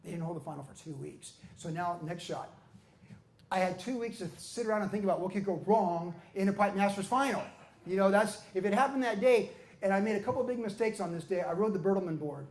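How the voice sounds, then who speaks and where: An older man with a notably high speaking voice tells stories of his surfing years to a live audience. He is animated, jumping into other people's voices as he goes. The sound is roomy and echoey, as at an event hall. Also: quick pace. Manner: animated storyteller, acts out quotes with loud shouts and laughs. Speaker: pastor and former pro surfer telling his story. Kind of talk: storytelling talk at a book event.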